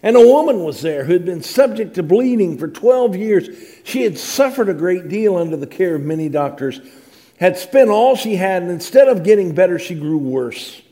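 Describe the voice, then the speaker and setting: A man's voice: sits high, big pitch swings, moderate pace, mellow. A middle-aged male pastor reading scripture dramatically and preaching with rising emphasis. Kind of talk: sermon.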